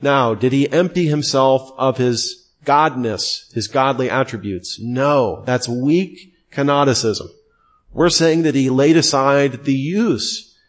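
A man's voice: medium pitch, slow. A middle-aged man teaching a theology class, asking pointed questions and repeating key terms for emphasis.

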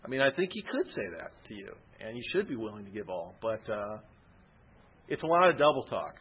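A man's voice: on the low side, sing-song, fairly quick. A man giving an informal Bible teaching, conversational and rambling with personal stories. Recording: dull lo-fi recording.

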